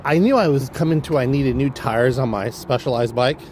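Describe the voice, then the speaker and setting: A man's voice: medium pitch, brisk, darkish tone, slight background noise. A man with a Californian accent, talking through a casual, rambling, profane story on his livestream vlog. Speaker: livestream vlogger.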